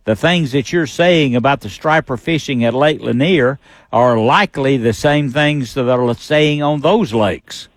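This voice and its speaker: A man's voice: medium pitch, unhurried, no room sound. A man hosting a radio fishing show, giving a caller brief, encouraging replies.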